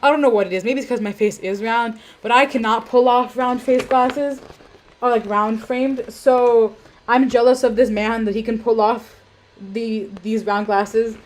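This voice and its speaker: A woman's voice: a little high, fairly even intonation, measured pace. A young woman hosting an art auction live stream at home, chatting casually with lots of ums and self-deprecating tangents. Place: home room. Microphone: webcam.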